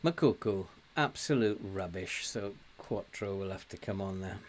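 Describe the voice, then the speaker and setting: A man's voice: low-pitched, moderate pace. A man doing casual let's-play commentary, grumbling and mocking himself, and scolding the players on screen. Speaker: gaming commentator.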